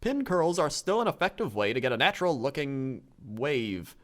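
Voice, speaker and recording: A man's voice: medium pitch, big pitch swings, moderate pace. A man co-hosting a comedy podcast, reading quirky news items and tips aloud as the straight man. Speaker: podcast co-host. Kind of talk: casual comedic banter, reading articles aloud.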